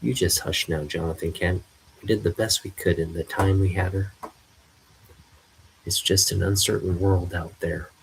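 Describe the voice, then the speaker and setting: A man voicing a soothing older farm wife, reading a comic aloud in a soft manner. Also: low-pitched, fairly even intonation, normal speed, creaky, a little hiss or hum, rough recording.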